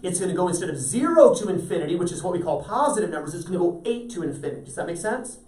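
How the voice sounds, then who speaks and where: In a classroom lecture, a man teaches math, working through problems and frequently asking the class whether they're following. His high-pitched, sing-song voice races along, a little mellow, heard from far off with roomy echo.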